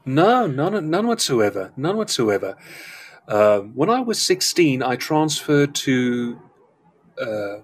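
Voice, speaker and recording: A man's voice: medium pitch, big pitch swings, slow, a little hiss or hum. A man from South Africa who speaks with a schooled English accent, a guest telling rambling stories in casual live-show chat. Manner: rambling, wordy storyteller.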